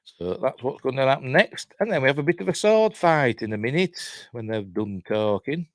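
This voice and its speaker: A man's voice: mid-range voice, animated, normal speed, no echo, studio quality. A man giving a rambling, sardonic casual film commentary, chuckling often as he walks through a movie. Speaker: film reviewer.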